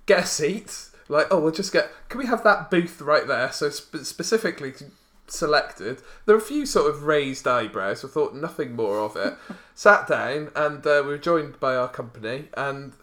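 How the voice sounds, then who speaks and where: Male podcast host, bright tone, hesitant chatty delivery. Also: a little high, animated, normal speed. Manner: rambling, hesitant with many fillers. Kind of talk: casual chat.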